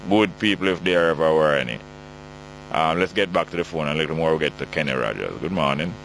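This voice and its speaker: A man's voice: extremely low pitch, fast, vocal fry, fairly bright tone, a little hiss or hum, rough recording. A middle-aged man with a Jamaican accent hosting a call-in radio talk show, chatty and joking as he reads out listener texts.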